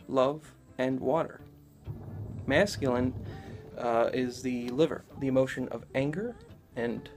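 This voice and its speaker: A man's voice: medium pitch, a bit bright. A man giving a casual, rambling spoken lecture, talking loosely with lots of fillers. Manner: rambling, conversational, many fillers. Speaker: esoteric lecturer.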